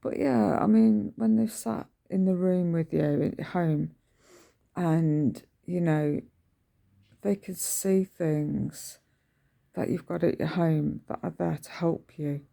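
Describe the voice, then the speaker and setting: This is a casual early-morning vlog recorded indoors at home, with a middle-aged woman talking unhurriedly into her phone. Her fairly low voice has a dark, mellow quality and a gravelly edge. Her thoughts meander, broken up by frequent ums and restarts.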